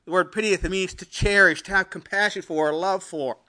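High-voiced man preaching a sermon. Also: steady tone, normal speed. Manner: preaching with scripture readings in King James wording; swings between emphatic rises and quiet drops. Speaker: pastor.

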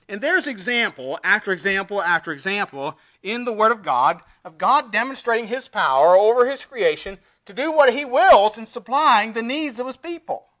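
High-voiced man preaching a sermon. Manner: preaching with scripture readings in King James wording; swings between emphatic rises and quiet drops. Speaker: pastor.

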